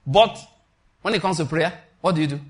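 A man's voice: a little high, a little fast. A man preaching a sermon in an emphatic, repetitive style, calling out to his congregation. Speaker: pastor.

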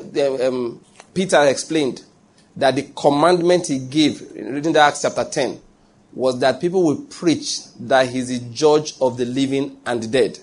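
A man's voice: fairly high pitch, a little mellow. A man preaching a sermon who reads scripture aloud and keeps asking his listeners whether they follow.

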